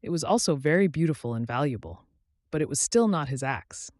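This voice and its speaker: A man hosting his channel, narrating a children's story clearly and expressively for English learners. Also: fairly high pitch, lively intonation, fairly quick, a little mellow, no room sound, studio quality.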